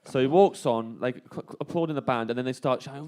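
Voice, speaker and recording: A comedian on a live stage tells a funny story in an animated way, laughing through his own tale. He speaks fast at a medium pitch.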